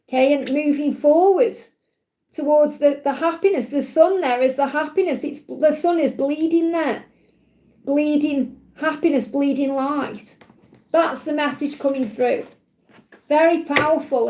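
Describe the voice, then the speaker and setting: A woman's voice: high voice, warm tone, echoey room. A woman hosting a spiritual live stream, talking in a heartfelt, rambling way with plenty of fillers. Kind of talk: emotional live-stream talk.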